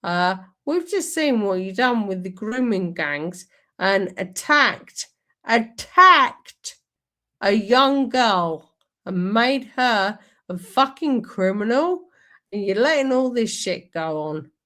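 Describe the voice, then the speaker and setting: A woman's voice: medium pitch, expressive, takes it slowly, bright, forceful tone. A woman streaming, ranting angrily and sarcastically over a played speech, swearing constantly.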